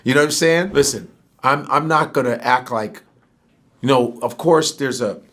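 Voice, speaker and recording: A man's voice: mid-range voice, moderate pace, fairly bright tone. A man from Africa talking conversationally, with hesitant restarts.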